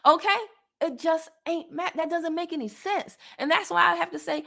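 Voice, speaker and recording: A woman's voice: high voice, animated, brisk, vocal fry, sharp tone. A woman network marketing coach talking straight to camera, blunt, sassy and colloquial, and easily worked up. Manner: gets worked up. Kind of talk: casual direct-to-camera talk.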